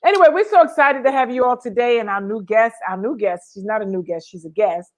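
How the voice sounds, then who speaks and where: A woman co-hosting a casual livestream chat, lively and chatty, calling out viewers by name. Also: on the high side, fast talker. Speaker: co-host.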